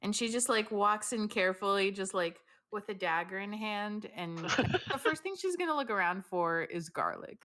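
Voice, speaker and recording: A woman taking part in a tabletop game, describing her character's actions in a casual way. Her voice is bright and clear in the middle range. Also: mid-range voice, lively intonation, moderate pace, few pauses. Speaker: player.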